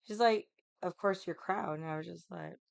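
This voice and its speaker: Young woman telling a crazy story, laughs a lot, swears, does everyone's voices, smooth clear voice, dry close sound. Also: on the low side, moderate pace, no echo. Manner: animated, laughing, swears often, acts out quoted voices. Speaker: vlogger. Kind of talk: casual storytelling.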